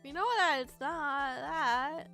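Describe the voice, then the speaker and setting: A woman streaming a game live, chatting in a silly, playful way with sudden loud outbursts. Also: sits high, steady tone, slow pace, creaky. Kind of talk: live gameplay commentary. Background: soft lofi music.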